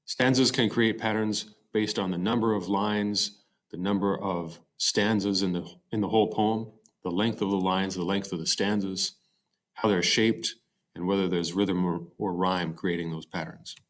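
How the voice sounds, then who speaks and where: A man's voice: low-pitched, fairly even intonation, moderate pace. A man giving a recorded slide-show lecture on poetry, explaining step by step with fillers and self-corrections. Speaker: teacher.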